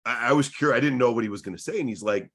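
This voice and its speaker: A man's voice: mid-range voice, racing, fairly bright tone, breathy edge. A young adult man co-hosting a podcast, telling a long anecdote in a casual way and acting out what people said. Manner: long anecdote full of acted-out quoted dialogue. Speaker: podcast co-host. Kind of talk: casual storytelling.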